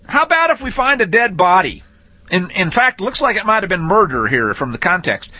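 A man teaching a Torah portion in a lively, folksy, conversational way, rereading verses with shifting emphasis. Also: sits high, fairly quick, dry recording. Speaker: Bible teacher.

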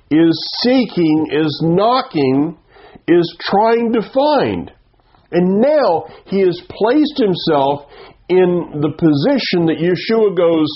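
A man with a Southern US accent preaching a sermon, teaching earnestly and often restarting his sentences. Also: high voice. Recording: dull lo-fi sound.

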